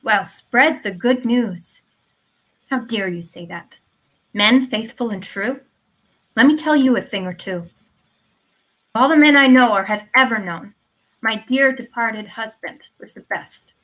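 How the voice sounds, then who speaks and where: A proud young widow declaims with theatrical indignation, as an actress reads her. Her voice rings bright and sits a little high. A woman in a staged reading over a video call. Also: lively intonation, a little slow, long pauses, rough recording. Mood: scornful. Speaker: actor in a live online reading. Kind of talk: stage play read aloud.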